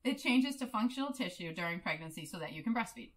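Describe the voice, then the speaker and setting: A woman in her thirties, chatting casually as a podcast co-host, explaining facts and telling lively stories. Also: on the low side, fast. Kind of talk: casual chat.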